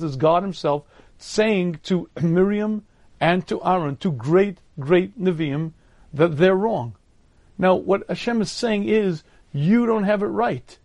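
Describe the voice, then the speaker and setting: Throat-clearing man giving a Torah lecture. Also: high voice, darkish tone, no echo. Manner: measured, explanatory delivery.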